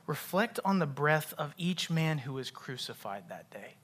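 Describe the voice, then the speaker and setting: Male pastor, young adult, bright tenor-ish voice; preaches with big dynamic swings from whisper to forceful. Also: a little high, very animated, normal speed, few pauses, husky. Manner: swings from hushed, whispered asides to loud emphatic repetition. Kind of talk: sermon.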